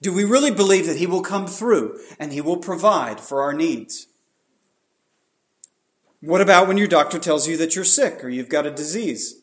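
High, lively-voiced male preacher. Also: moderate pace. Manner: emphatic, asks the listeners repeated rhetorical questions. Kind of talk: sermon.

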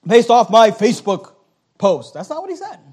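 High-voiced emphatic male pastor. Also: very animated, moderate pace, breathy edge. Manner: emphatic preaching with sudden drops to a hush. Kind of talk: sermon.

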